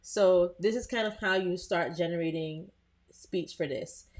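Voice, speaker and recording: A woman hosting a live software tutorial, talking casually to her viewers with frequent "um" and "like" as she works. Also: fairly low pitch, unhurried. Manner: chatty, addresses viewers as "you guys", frequent "um" and "like". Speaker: host.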